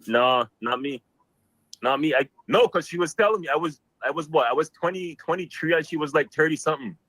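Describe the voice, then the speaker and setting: A man calling in, telling a story in an animated, exclamatory, slangy way. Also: fairly high pitch, fairly quick, slightly rough, no echo, rough recording. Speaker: caller.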